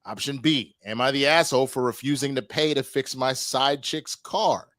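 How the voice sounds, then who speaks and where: A man's voice: mid-range voice, steady tone, normal speed, fairly bright tone, no room sound. Laid-back male podcast host, dry sound. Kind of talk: casual chat.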